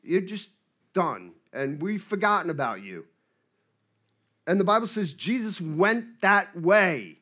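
Guy preaching, pretty high voice, chatty then hushed then loud. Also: very animated, a little slow. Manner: conversational preaching, swings from hushed to emphatic. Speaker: pastor. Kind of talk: sermon.

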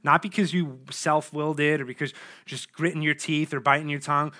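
A man's voice: fairly high pitch, sharp tone. A man giving a sermon, reading scripture aloud and then explaining it in a loose, conversational way with frequent fillers. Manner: informal, conversational preaching with many fillers. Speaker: preacher.

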